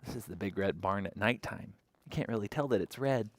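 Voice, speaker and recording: A man leading a toddler story time at a library, reading a picture book aloud and doing animal sounds in a sing-song manner that drops to hushed tones and leaps to bright exclamations. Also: fairly low pitch, fairly quick, no room sound. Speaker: children's librarian.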